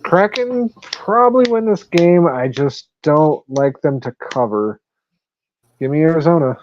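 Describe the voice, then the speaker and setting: A man's voice: fairly high pitch, lively intonation, unhurried, dull audio, background noise. A man hosting a casual sports betting podcast, swearing and laughing as he runs through picks. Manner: profane, laughing, loose. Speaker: podcast host.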